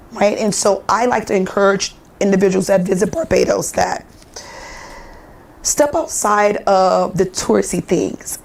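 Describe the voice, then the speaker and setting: A woman's voice: mid-range voice, vocal fry, darkish tone. A woman from the United States, a foundation founder, telling her story with earnest emotion in a morning TV interview.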